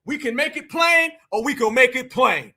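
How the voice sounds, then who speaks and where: A man giving heated, profane reaction commentary and often shouting. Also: very high voice, expressive, normal speed, a little hiss or hum. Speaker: political commentator reacting to clips.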